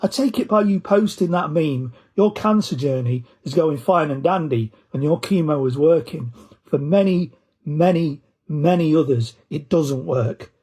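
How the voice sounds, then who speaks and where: A man's voice: on the high side, unhurried, darkish tone, husky. A man with cancer speaking in a recorded message, angry and emphatic, repeating words for stress. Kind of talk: impassioned recorded plea.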